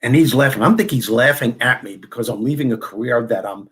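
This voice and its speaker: A middle-aged man from Long Island, a guest telling stories in an interview and acting out the dialogue. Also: medium pitch. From Long Island, New York. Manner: animated storyteller who acts out dialogue in quick bursts. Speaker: guest, motivational speaker and former comedian. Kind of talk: storytelling in a podcast interview.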